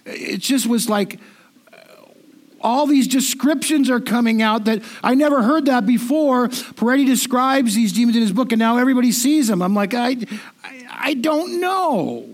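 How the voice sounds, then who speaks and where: A middle-aged man giving a sermon in a conversational, self-deprecating way, often repeating himself. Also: very high voice. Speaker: pastor.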